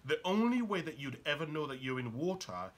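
A man's voice: a little high, sing-song, fairly quick. A man talking as a life coach in a motivational monologue, firing off emphatic rhetorical questions.

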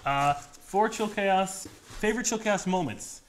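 A male channel host chatting casually while unboxing fan mail, excitable and rambling with plenty of jokes. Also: high-pitched, a little slow, a little hiss or hum.

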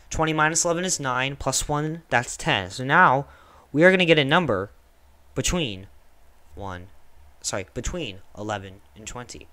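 A man's voice: medium pitch, bright, forceful tone. Casual young man teaching code. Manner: casual, thinking aloud with fillers and self-corrections. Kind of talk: screen-recorded coding lesson.

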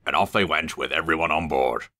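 A man reading a children's story aloud, expressive and animated. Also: very deep voice, a little fast.

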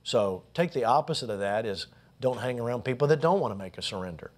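A man's voice: medium pitch, expressive, normal speed. A middle-aged man preaching to a congregation as a show host, in a folksy, conversational way with emphatic bursts.

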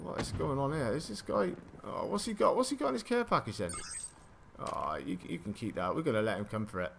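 A young man giving live commentary over his own gameplay. He is excitable, swears often and mocks his own play. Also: medium pitch, fairly quick, gravelly, slight background noise. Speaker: gaming channel host.

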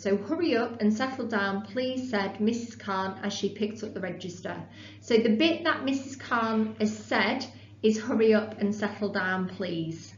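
A woman teacher explaining punctuation and reading a novel aloud in a clear, measured way, recorded in a classroom. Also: mid-range voice. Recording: echoey room, dull sound, faint hum.

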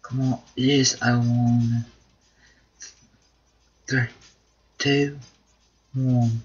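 A man's voice: mid-range voice, little pitch movement, drawn-out words, pauses often, lo-fi sound, a little hiss or hum. A man doing casual gameplay commentary, cheering on and pleading with his duck in a mock British accent. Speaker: gamer, video host.

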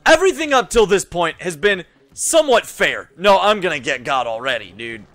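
A man's voice: high voice, very animated, normal speed, fairly bright tone, dry recording, faint music behind. A young man giving frustrated let's play commentary, swearing a lot and muttering to himself as he plays. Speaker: gaming YouTuber.

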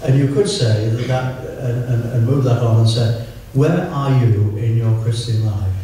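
A man's voice: medium pitch, warm tone, slight background noise. Older man preaching in an echoey hall. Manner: chatty, self-mocking, slows right down for scripture. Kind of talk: informal sermon. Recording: echoey room, voice from far off.

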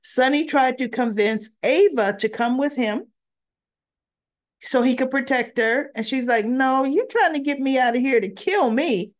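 Woman, casual soap recap, unhurried delivery, slightly high voice, chatty retelling of scenes. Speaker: soap opera reviewer.

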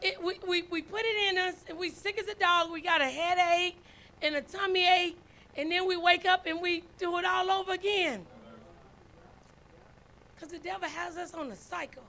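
A woman preaching with a very high, bright, ringing voice. She tells folksy stories and keeps calling to her congregation for response. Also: steady tone, normal speed. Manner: folksy, storytelling, calls out to congregation with "y'all" and "right?". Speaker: first lady preacher. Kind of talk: sermon.

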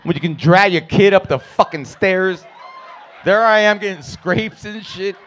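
A man's voice: high voice, a little slow, a bit bright, slight background noise. A man doing stand-up comedy, telling profane family stories and acting out his relatives. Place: comedy club stage.

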